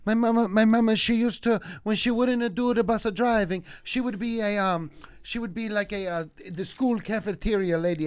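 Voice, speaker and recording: A man's voice: sits high, no room sound, clean studio sound, pitched above the performer's own voice. A man voicing a sad middle-aged Italian man with a put-on Italian accent, telling a boyhood story in broken grammar.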